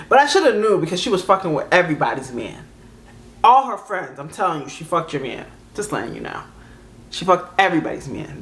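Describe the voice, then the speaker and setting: A woman in her thirties with a medium-pitched voice hosts a reaction video, telling her own story in a sassy, animated way. She laughs often and calls listeners "baby".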